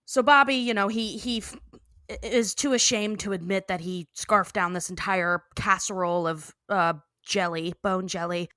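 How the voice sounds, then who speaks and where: Brief: young woman podcast co-host, bright voice, dry close sound, giggly storyteller who acts out the lines. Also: mid-range voice, moderate pace, no room sound. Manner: laughs often, acts out characters' lines while retelling. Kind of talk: casual chat recapping a cartoon episode.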